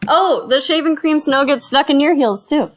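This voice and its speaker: Hosting a casual board game session at a moderate pace, a woman with a slightly high voice reads out each card and counts the spaces aloud. Between rolls she drops in chatty asides.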